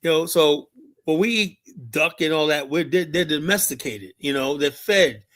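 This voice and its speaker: A man's voice: fairly high pitch, lively intonation, moderate pace, fairly bright tone. Rambling man chatting on a live stream. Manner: rambling, storytelling, lots of fillers like "and whatnot". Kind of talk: casual chat to a live chat. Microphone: streaming mic.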